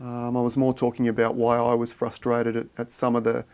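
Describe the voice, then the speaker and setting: A man's voice: medium pitch, completely flat delivery, brisk, darkish tone, smooth. Chatty man hosting a livestream. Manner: thinks aloud while reading viewer chat, matey and chatty. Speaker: livestream host. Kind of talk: casual livestream chat.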